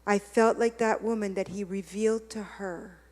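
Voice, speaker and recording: A woman preaches a personal, confessional sermon at a medium pitch. Her delivery swings between hushed intimacy and loud, emphatic exhortation. Long church-hall reverb trails after her words. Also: steady tone, moderate pace. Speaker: guest speaker.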